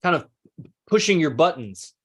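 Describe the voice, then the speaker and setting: A man with a slightly high-pitched voice talks through ideas in a loose, meandering monologue. He swears without a second thought and often trips over his words, then starts the sentence again. It sounds like an easygoing podcast host thinking aloud. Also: expressive, normal speed, slightly rough. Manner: rambling, swears freely, self-correcting. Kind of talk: casual philosophical monologue.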